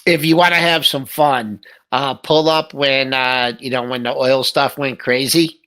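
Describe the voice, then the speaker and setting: A man's voice: mid-range voice, steady tone, measured pace, a bit bright. A man co-hosting a stock trading show in casual, joking chat, often laughing and restarting phrases.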